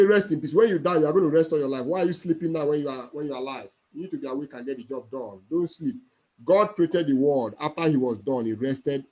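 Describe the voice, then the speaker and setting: A man's voice: mid-range voice, warm tone. A man from Nigeria giving an emphatic, repetitive motivational speech as a network marketing mentor over a video call.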